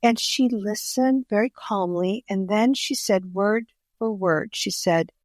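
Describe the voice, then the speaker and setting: Middle-aged woman, podcast guest, animated storyteller, dry close recording. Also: medium pitch, measured pace, no echo. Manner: animated storyteller, acts out quoted voices. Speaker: guest author.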